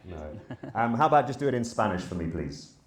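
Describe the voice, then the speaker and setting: A man's voice: fairly low pitch, big pitch swings, a little fast. A man presenting a live AI avatar demo on a conference stage, chatty and a little apologetic as he prompts the avatars. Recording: echoey hall.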